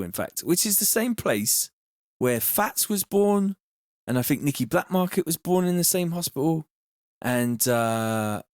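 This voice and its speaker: On a live music production stream, this English producer talks casually in London English, full of slang, and thanks his viewers as he goes. His pitch is fairly high with a somewhat dark tone, captured at studio quality with no echo.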